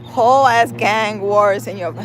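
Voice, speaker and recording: A tired woman hosting a relaxed livestream, chatting with viewers and answering their comments while walking through a park. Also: mid-range voice, a little slow, soft background music, low-quality recording. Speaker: livestream host. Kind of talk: casual chat with viewers. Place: outdoors in a park. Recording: loud wind noise outdoors on a phone. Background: loud wind noise.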